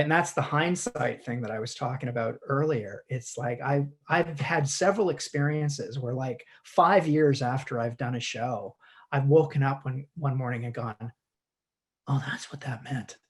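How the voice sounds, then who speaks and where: Give me a man speaking haltingly over a video call, stumbling over his words as he explains. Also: medium pitch. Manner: halting, frequent restarts and repeated words. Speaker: guest actor. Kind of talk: conversational teaching chat.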